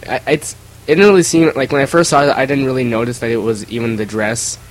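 A man's voice: mid-range voice, fairly even intonation, quick pace, rough recording. A man in a casual group chat, talking in an easygoing way with fillers.

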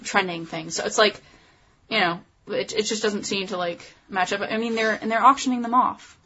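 A woman's voice: mid-range voice, moderate pace, pushed and bright. A young woman co-hosting a casual entertainment news podcast, chatty and full of fillers. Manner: chatty, with many fillers and restarts. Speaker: podcast co-host. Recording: dull lo-fi sound, faint hiss.

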